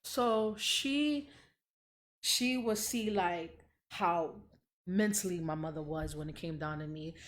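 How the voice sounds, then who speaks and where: A woman's voice: fairly low pitch, takes it slowly. A young adult woman hosting a podcast, talking candidly and emotionally, blunt and profane. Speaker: podcast host. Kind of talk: candid casual chat.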